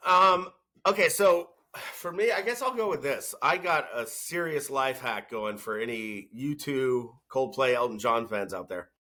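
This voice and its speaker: A man's voice: mid-range voice, measured pace, bright, forceful tone. A man in his thirties co-hosting a casual podcast, joking and rambling about his kids, sometimes trailing off into a mumble. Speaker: podcast co-host. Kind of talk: casual chat.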